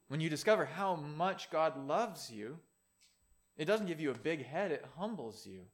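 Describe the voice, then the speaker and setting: A man preaching in an easygoing, conversational way, his voice sitting a little higher than most men's. He mixes earnest teaching with playful asides. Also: animated, moderate pace. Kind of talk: sermon.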